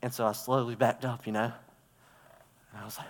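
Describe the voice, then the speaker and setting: A man's voice: medium pitch, little pitch movement, brisk, a little hiss or hum. A man giving a conversational sermon in a church, telling stories and acting out parts as he goes. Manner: conversational, storytelling with props and gestures. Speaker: preacher. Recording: reverberant hall.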